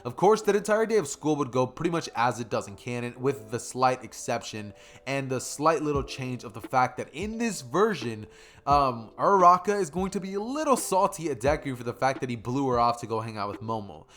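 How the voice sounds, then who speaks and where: A man's voice: medium pitch, big pitch swings, fairly quick, fairly bright tone. A young man casually retelling his own fan story, rambling, slangy and correcting himself as he goes.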